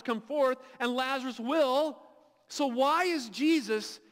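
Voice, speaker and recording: A man preaching a sermon as pastor, impassioned and emphatic, building to loud peaks and often repeating words as he restarts. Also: very high voice. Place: large church hall. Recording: long reverb of a church hall.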